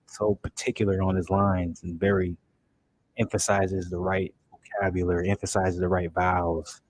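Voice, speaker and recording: A man's voice: sits low, flat delivery, moderate pace, a little hiss or hum, low-quality recording. A man hosting a casual movie reaction, chatting with enthusiasm and talking straight to his viewers. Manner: enthusiastic, loose and chatty, talks to viewers directly.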